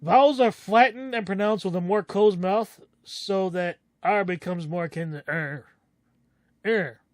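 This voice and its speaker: High-voiced man musing on stream. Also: dry recording, studio quality. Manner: musing, reads aloud haltingly, self-correcting. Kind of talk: casual stream chat, reading game dialogue and notes aloud.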